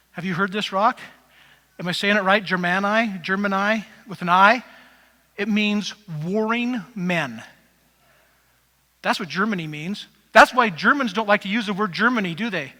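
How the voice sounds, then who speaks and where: Male pastor, high bright voice, rambling sermon with asides, long church hall reverb. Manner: rambling, chatty, with asides to the congregation. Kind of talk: conversational sermon teaching. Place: church sanctuary.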